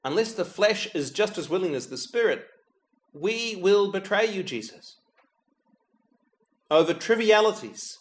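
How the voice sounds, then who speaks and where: A man leads a meditative homily, praying aloud as he reflects. His voice sits a little high for a man and stays measured and unhurried, sinking to a near-whisper each time he says the holy name. Now and then a dry touch of humor slips in. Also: expressive. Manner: addresses Jesus directly, softening to a hush on the name.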